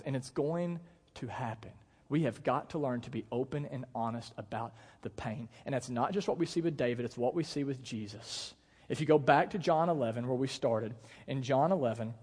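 In a church auditorium, an American pastor preaches a sermon casually and conversationally, using lots of fillers. His mid-range voice has a breathy edge and a long reverb tail.

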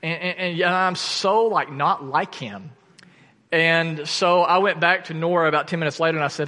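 A man in his thirties preaching a sermon, telling a personal story in an earnest, animated way that falls to quiet intensity. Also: a little high, brisk. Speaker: pastor. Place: church sanctuary. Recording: church hall reverb.

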